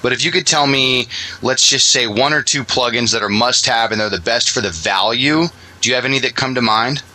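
Male podcast host, very bright tone, loose joking interviewer. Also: medium pitch, fairly quick, rough recording. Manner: joking, chatty, many fillers. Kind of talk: casual interview.

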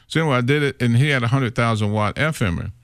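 A man's voice: medium pitch, quick pace, clean tone, no echo, clean studio sound. A middle-aged man who works as a radio imaging voice artist, telling stories in a casual interview and acting out the voices he quotes. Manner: animated storyteller who acts out quoted voices.

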